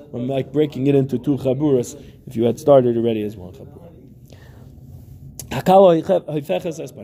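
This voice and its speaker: A man's voice: medium pitch, creaky, mellow. A man teaching a Talmud lesson, reading each Aramaic phrase and then translating and explaining it, often repeating himself.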